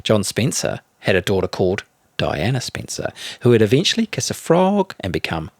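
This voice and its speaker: A middle-aged man, co-hosting a storytelling podcast. His voice carries a gravelly fry, and his pitch moves in a lively, animated way. He delights in odd facts, close on a dry mic. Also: normal speed, no echo. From New Zealand. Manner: playful, relishes odd facts. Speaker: podcast co-host.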